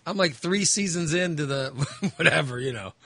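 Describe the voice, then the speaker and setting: A man's voice: a little high, animated, moderate pace, pushed and bright, no echo. A man chatting casually as host, rambling with lots of fillers and restarts. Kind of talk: casual chat.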